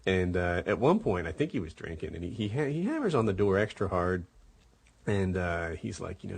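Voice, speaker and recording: Deep husky man telling a story. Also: animated, a little fast, a little mellow. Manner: rambling, many fillers, acts out quotes. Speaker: podcast host. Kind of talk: casual storytelling chat.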